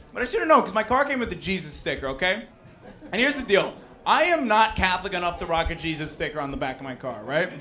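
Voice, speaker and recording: A young adult comedian with a high-pitched, sharp-toned voice runs through an edgy, profane set, bantering with the audience. The live recording from a loud bar basement catches the crowd laughing.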